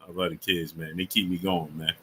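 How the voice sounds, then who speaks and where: A man's voice: low voice, level tone, fairly quick, fairly bright tone, slight background noise. A man hosting a casual sports talk livestream, speaking in loose slang and greeting viewers from the super chat between his takes.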